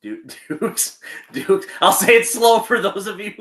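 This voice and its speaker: A little slow, with a high, slightly bright voice and lively intonation, the co-host jokes his way through a casual sports podcast. He banters and rants playfully about food and football, laughing a lot.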